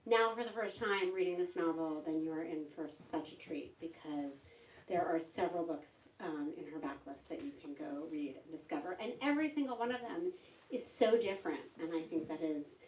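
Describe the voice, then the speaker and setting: A woman literary agent hosting an onstage talk at a bookstore, chatty and excited, with plenty of fillers. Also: low-pitched, normal speed, a little hiss or hum. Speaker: literary agent, event host. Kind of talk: conversational onstage interview. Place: bookstore event room. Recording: roomy hall sound, distant mic.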